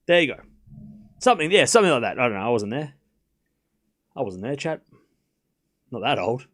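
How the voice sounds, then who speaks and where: A man streaming live tennis commentary, switching between quick play-by-play and rambling, self-correcting chat with his viewers. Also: mid-range voice, very animated, a bit bright.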